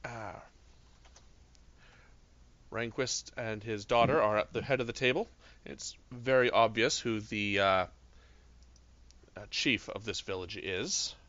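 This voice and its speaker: A man narrating as game master of a tabletop game, lively and self-mocking. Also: lowish voice, takes it slowly, pauses often, no echo. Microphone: home stream mic. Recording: dull lo-fi dry online mic.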